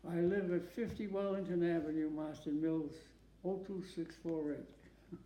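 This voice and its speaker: A man in his nineties from Massachusetts, a war veteran giving an oral history interview at home, who speaks haltingly, repeats words and often asks for questions again. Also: a little high, steady tone, mellow. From Massachusetts, USA. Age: 90s. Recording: echoey room.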